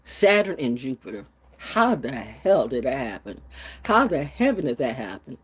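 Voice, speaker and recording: A woman in her sixties ranting bluntly and profanely in an unscripted vlog, jumping from low mutters to high outbursts and loud laughs. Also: big pitch swings, moderate pace, husky. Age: 60s. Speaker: vlogger. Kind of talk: unscripted rant to camera.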